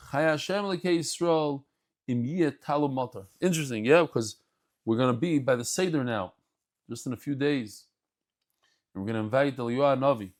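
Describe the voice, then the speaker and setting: A man giving a daily Talmud lesson, telling the stories in an animated way and mixing English with Hebrew and Yiddish terms. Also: medium pitch. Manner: animated storytelling, acts out scenes. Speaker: Talmud teacher.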